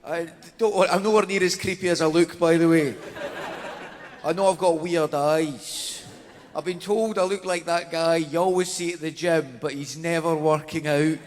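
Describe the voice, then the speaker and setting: A man's voice: on the high side, steady tone, moderate pace. A Glaswegian man doing a chatty, self-mocking stand-up set on a large theatre stage. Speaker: stand-up comedian. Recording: theatre with long reverb, faint noise.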